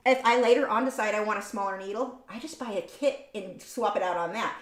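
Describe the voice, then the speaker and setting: A woman's voice: mid-range voice, brisk. Chatty woman in a roomy studio. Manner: chatty and rambling, correcting herself mid-sentence. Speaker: artist hosting a painting livestream. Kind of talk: casual livestream chat. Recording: roomy room sound.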